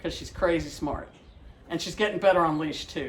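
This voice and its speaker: A man with a notably high voice leads a dog training demonstration. He explains each step patiently to the viewer. He breaks off often to give the dog bright, encouraging praise. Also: moderate pace, slight background noise, rough recording.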